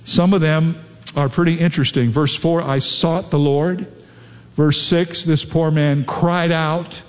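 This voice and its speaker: A man's voice: fairly high pitch, steady tone, unhurried. A man preaching a sermon as a pastor. He talks earnestly and acts out sample prayers. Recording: long echo of a large hall.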